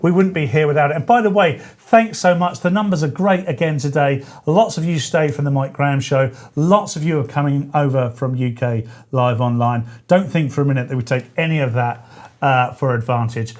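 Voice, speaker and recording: A man's voice: a little high, normal speed, a little mellow. A man in his forties hosting a live talk radio show, chatty and jokey with self-deprecating asides. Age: 40s. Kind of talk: casual live radio chat.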